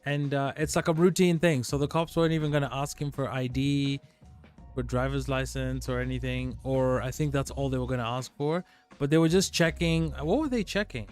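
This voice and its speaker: A man's voice: mid-range voice, brisk, smooth, faint music behind. Casual, rambling male livestream host. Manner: rambling and animated, full of "like" and "dude".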